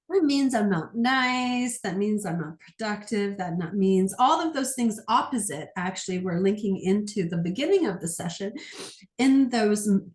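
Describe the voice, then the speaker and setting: A woman's voice: medium pitch, a little mellow, echoey room. A woman energy healer guiding a healing session in a soothing way, with long sighing "oh"s as she voices what she feels. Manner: soothing, drawn-out sighing "oh"s, speaks feelings aloud.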